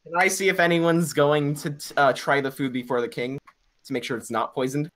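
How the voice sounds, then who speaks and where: A man's voice: a little high, steady tone, brisk, fairly bright tone. Casual male tabletop player. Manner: casual, laughs easily.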